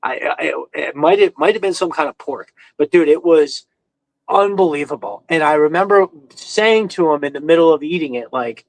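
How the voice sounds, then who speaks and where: Podcast host, New York man with a New York accent, higher pitched voice, dry close sound, loose rambling storyteller who swears. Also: moderate pace, no echo, rough recording. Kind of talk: casual chat.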